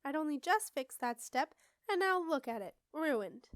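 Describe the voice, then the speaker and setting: A woman voicing an angry witch yelling at a clumsy companion. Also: high-pitched, animated, measured pace, no room sound, clean studio sound, pitched above the performer's own voice. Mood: furious. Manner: yelling, scolding.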